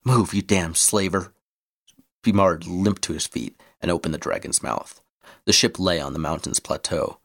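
A man reading an adventure story aloud in steady scripted narration. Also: low-pitched, moderate pace.

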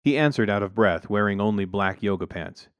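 Low-voiced man narrating wryly. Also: brisk, smooth, no echo. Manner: dry, wry storytelling. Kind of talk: first-person story narration.

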